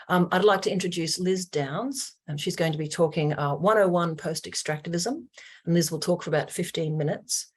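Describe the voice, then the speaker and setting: Heard over a video call, an Australian woman with a low voice opens an online webinar as its host. She speaks at a normal pace, earnestly and formally, though her delivery is dotted with plenty of ums and uhs.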